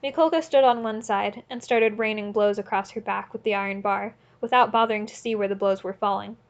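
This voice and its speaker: A woman narrating an audiobook in a steady, earnest reading voice, now and then correcting a slip. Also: medium pitch, fairly quick, lo-fi sound. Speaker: audiobook reader.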